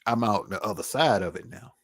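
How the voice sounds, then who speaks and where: This vlog features a man recounting his personal testimony with earnest reflection and casual phrasing. His lowish voice moves fairly quickly, occasionally falling to a near hush.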